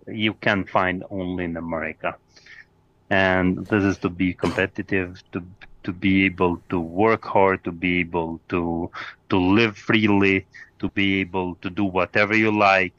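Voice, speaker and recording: A man as a podcast guest in casual chat, often pausing and restarting as he searches for words. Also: deep voice, fairly bright tone, lo-fi sound.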